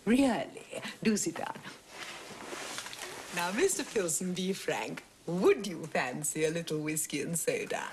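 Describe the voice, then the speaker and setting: A woman's voice: on the low side, lively intonation, unhurried, darkish tone, slight background noise. An actress playing a prim, scheming English spinster who lets her house, gossiping in an arch, falsely sweet way. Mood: catty, sweet. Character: prim scheming spinster landlady, middle-aged. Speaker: village hostess letting her house. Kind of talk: period television drama.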